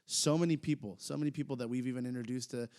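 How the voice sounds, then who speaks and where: A man's voice: mid-range voice, rapid-fire, clear, resonant tone. Male podcast co-host, casual rambling delivery with hesitations. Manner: rambling, hesitant, gets excited. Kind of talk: casual chat recapping wrestling.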